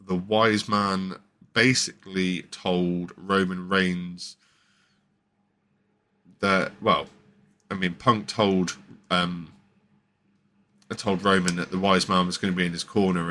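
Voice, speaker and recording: A man's voice: sits low, bright, forceful tone, a little hiss or hum. A male podcast host giving a casual, rambling recap with many fillers and restarts. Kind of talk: casual wrestling show recap.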